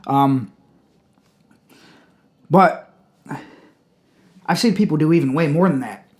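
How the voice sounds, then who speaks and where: A man casually reviewing a hot sauce on his channel, blunt and profane, with loud exclamations. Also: on the high side, slow.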